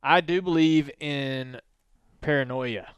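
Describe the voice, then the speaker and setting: A man hosting a podcast, telling stories in a relaxed, rambling way. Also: mid-range voice, slow pace, clear, resonant tone, muffled recording. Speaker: podcast host. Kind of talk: casual podcast storytelling.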